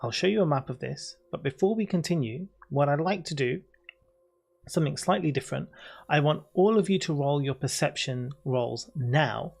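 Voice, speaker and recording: A man's voice: a little high, lively intonation, normal speed, vocal fry, darkish tone, breathy edge. A British man acting as game master, reading adventure descriptions aloud and chatting loosely with his players. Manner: chatty and easygoing, reads descriptions steadily then chats loosely. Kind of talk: running a tabletop game, reading adventure text.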